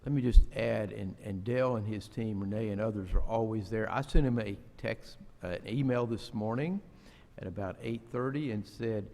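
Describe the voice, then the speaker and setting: A man's voice: fairly low pitch, moderate pace, darkish tone. A man at a board meeting adding conversational thanks to a colleague. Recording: echoey meeting hall.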